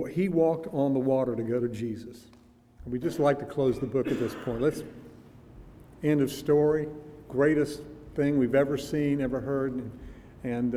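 An older man preaching a sermon in a conversational, musing way, sometimes laughing. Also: dark tone. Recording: reverberant hall with faint rumble.

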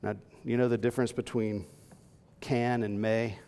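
Gravelly preacher in a reverberant hall. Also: male voice, mid-range voice, little pitch movement, normal speed, dark tone. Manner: earnest teaching, reading scripture aloud, rising to emphatic peaks. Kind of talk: sermon. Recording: long reverb in a large hall.

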